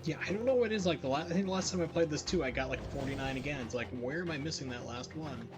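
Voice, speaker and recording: A man's voice: on the high side, rapid-fire, music in the background. Man rambling over a live game stream. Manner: rambling, wry, chatting to viewers. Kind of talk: casual gameplay commentary.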